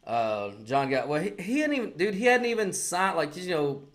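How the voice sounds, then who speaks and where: A man's voice: sits high, moderate pace. Swearing man telling a story. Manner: animated storyteller, heavy swearing, acts out quotes. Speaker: podcast co-host. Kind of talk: casual chat.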